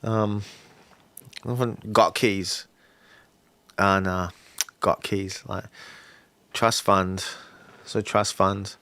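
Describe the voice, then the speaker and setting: A man's voice: deep voice, level tone, very slow, long pauses, fairly bright tone, dry recording. A man hosting a casual livestream who brainstorms rap lyrics aloud, muttering and repeating lines as he works them out. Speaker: livestream host and rapper.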